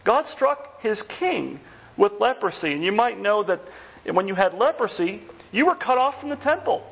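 Pastor, male, higher-pitched with some vocal fry, chatty sermon delivery; dull lo-fi church recording. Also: normal speed. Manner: conversational, animated when retelling stories. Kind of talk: evening sermon.

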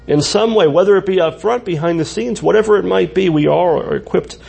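A man's voice: high voice, fairly quick, gravelly, a little mellow, breathy edge. A male pastor preaching a sermon in church, talking conversationally with asides and frequent restarts.

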